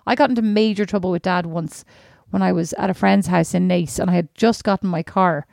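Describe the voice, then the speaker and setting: A woman's voice: fairly low pitch, a little fast, creaky, darkish tone, no room sound. Woman, older sister, podcast co-host, blunt, teasing, dry close mic. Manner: blunt, teasing, swears freely. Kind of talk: casual sisters' chat.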